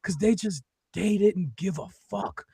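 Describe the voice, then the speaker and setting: A man hosting a casual chat show, telling stories in an animated, profane way. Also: high-pitched, unhurried, breathy edge, no echo, clean studio sound. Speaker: podcast host.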